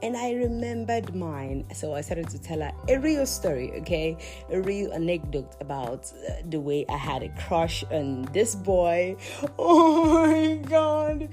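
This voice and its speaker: Woman, 20s, podcast host, confessional storytelling, talks to herself, lively pitch, faint music underneath. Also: a little slow. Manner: animated, self-talking, laughing asides.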